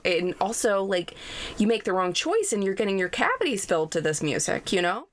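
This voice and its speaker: A young woman chatting casually as a podcast co-host, animated and self-deprecating, often breaking into giggles. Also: mid-range voice, brisk. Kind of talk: casual chat.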